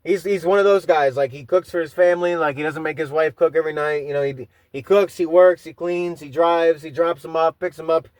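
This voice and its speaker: Rambling, profane man, high voice. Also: fairly even intonation, brisk, hardly any pauses, a little mellow, no echo. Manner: rambling, profane storytelling with restarts. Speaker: podcast host. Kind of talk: casual monologue.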